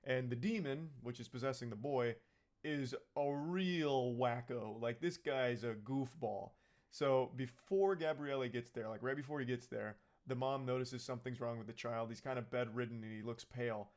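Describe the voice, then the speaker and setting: A man's voice: medium pitch, normal speed, darkish tone. A man giving a casual, comedic movie recap, rambling and sarcastic, with plenty of swearing.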